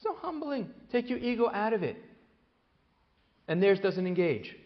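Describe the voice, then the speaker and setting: A man giving a parenting talk to an audience, telling lively stories and acting out the voices of the people in them, with many restarts. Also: high voice, a little slow. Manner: animated storyteller, acts out quoted voices, many restarts. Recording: long hall reverb, dull lo-fi sound.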